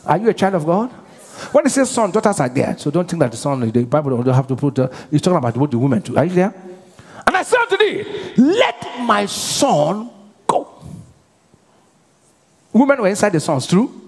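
A man preaching a sermon as pastor, with call-and-response questions to the congregation and bursts of shouted prayer. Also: fairly high pitch, very animated, quick pace, slightly rough. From Nigeria. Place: large church hall. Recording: live church hall reverb.

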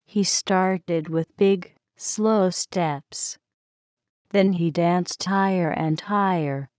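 Slow, gentle woman storyteller. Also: fairly low pitch, smooth, dry recording, studio quality. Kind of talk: children's story reading.

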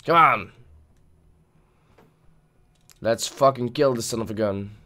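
A man's voice: medium pitch, slow, bright, forceful tone. A man giving live gameplay commentary, frustrated and swearing at the game as he plays. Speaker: gameplay video creator.

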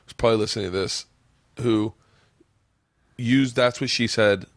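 A man's voice: medium pitch, fairly even intonation, normal speed, dry recording, studio quality. A man hosting a casual podcast, telling rambling stories full of swearing. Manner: profane, rambling storyteller. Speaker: podcast host.

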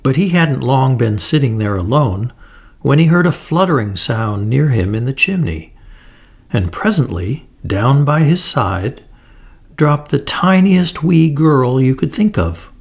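A man reading a fairy tale aloud in a slow, deliberate storybook narration. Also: mid-range voice, sing-song, vocal fry, husky.

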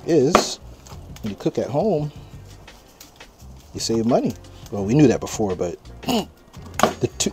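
A man hosting a casual cooking vlog outdoors at a grill, talking straight to his viewers in a laid-back, chatty way. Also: mid-range voice. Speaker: cooking channel host. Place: outdoors at a charcoal grill, windy. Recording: outdoor noise of wind and popping fire. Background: wind and crackling fire.

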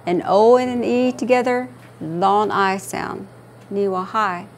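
Slow, patient woman teaching a class. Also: fairly high pitch, darkish tone. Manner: slow, patient, repeats words for students. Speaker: language instructor. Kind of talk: classroom language lesson.

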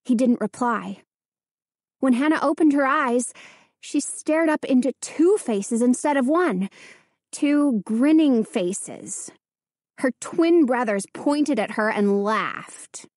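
Slow, measured female audiobook narrator. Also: high voice, expressive, a little mellow, no room sound, studio quality. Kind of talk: scripted narration.

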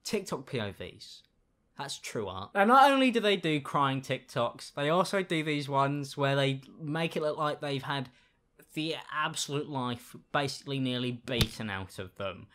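A man's voice: mid-range voice, moderate pace. Sarcastic man doing commentary. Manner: sarcastic, deadpan asides. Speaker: YouTube commentator. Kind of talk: casual reaction commentary.

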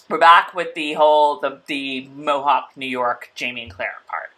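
A woman's voice: low voice, sharp tone. A woman co-hosting a casual show recap, chatty and full of "like" and laughter. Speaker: podcast co-host.

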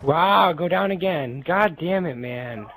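A young man gaming with friends, trash-talking, mock stuttering and yelling in bursts. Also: fairly high pitch, animated, slow pace, noisy background. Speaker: gamer. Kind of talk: casual party chat over gameplay.

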